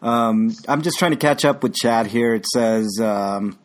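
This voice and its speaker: A man's voice: mid-range voice, measured pace. A man hosting a casual podcast chat, laid-back and sighing, reading out chat comments and swearing freely. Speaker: podcast host.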